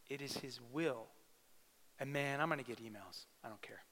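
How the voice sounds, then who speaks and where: A male pastor preaching a sermon, swinging between loud emphatic bursts and quiet intimate asides. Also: medium pitch, normal speed. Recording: long hall reverb.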